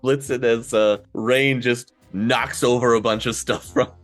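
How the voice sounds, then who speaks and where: A man narrating a tabletop role-playing game as game master, relaxed and quick to laugh. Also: mid-range voice, faint music behind.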